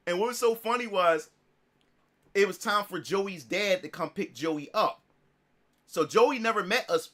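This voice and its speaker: A man telling a story to his livestream audience in a casual, animated way, swearing often and restarting his sentences. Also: high-pitched. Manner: animated, profane, full of restarts. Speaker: streamer.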